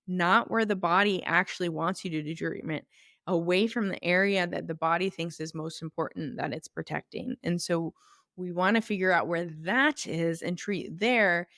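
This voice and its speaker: A woman's voice: on the low side, dry recording, studio quality. A woman hosting a solo podcast, explaining clinical ideas in an informal, teaching way.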